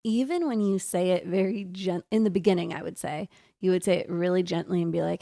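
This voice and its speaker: A woman's voice: lowish voice, fairly quick, gravelly, mellow, no room sound, clean studio sound. A woman co-hosting a podcast, speaking candidly and reflectively about her own habits in casual chat. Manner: candid, self-reflective, quotes herself. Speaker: podcast co-host.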